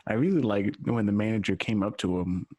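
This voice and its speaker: A man's voice: on the low side, fairly quick, darkish tone, dry recording. A man co-hosting a film podcast, chatting casually and retelling scenes in quoted lines. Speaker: podcast co-host.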